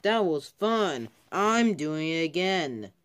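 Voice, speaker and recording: A man voicing a cheeky, boastful young male engine in a homemade story, with playful, excited cheers. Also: on the high side, takes it slowly, clear, resonant tone, exaggerated voice.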